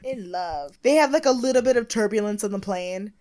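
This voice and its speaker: A woman's voice: medium pitch, brisk. Young woman gabbing about a tv show, swears a lot, acts out people, plain everyday voice. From United States. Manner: animated, swears freely, acts out others in bursts. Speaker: podcast co-host. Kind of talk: casual chat recapping a TV show.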